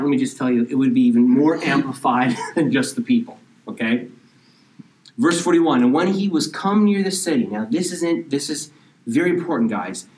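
A man preaching a sermon, reading scripture slowly and explaining it in casual asides, now and then dropping almost to a whisper. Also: mid-range voice, a little mellow, far from the mic, rough recording. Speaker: pastor.

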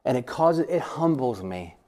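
Animated man teaching a church group. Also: mid-range voice, measured pace. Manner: animated, self-deprecating, acts out quoted voices. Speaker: pastor. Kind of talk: informal Bible study teaching.

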